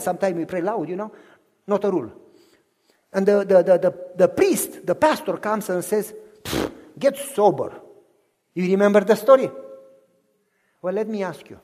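Male pastor preaching, high voice, hushed to shouted, long church reverb. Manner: acts out quoted voices in dialogue. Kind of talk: sermon.

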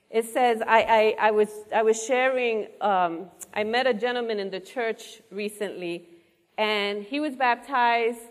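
Earnest woman preaching in a reverberant hall. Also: on the high side. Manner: earnest, asks the audience questions. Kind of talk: sermon.

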